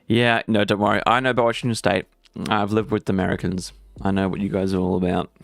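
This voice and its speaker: A man's voice: lowish voice, little pitch movement, fast talker, gravelly, dry recording. A man with an Australian accent, a game developer chatting casually and jokingly with viewers on a live stream. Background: faint music playing.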